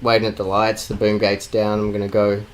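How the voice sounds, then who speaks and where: A man's voice: on the low side, completely flat delivery, a little fast, rough recording. An Australian man co-hosting a podcast, rambling through stories and teasing his co-host. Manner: rambling, teasing, many fillers. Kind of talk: casual chat.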